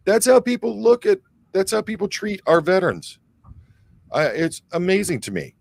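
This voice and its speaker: A man from Michigan, near Detroit, hosts a casual livestream, reading viewer chat comments aloud and rambling with plenty of fillers. His voice is high-pitched and very animated, with vocal fry and a moderate pace, and there's no echo.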